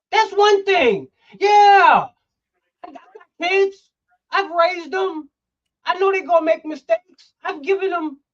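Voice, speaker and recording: A man's voice: very high-pitched, dull audio. A middle-aged man hosting a political talk show, heated and emphatic, swearing now and then. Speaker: host.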